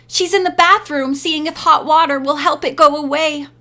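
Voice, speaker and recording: A woman's voice: high voice, moderate pace, pushed and bright, voice pushed up. A woman voicing a timid, frightened teenage girl model who speaks in a small, shaky voice. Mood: timid, worried.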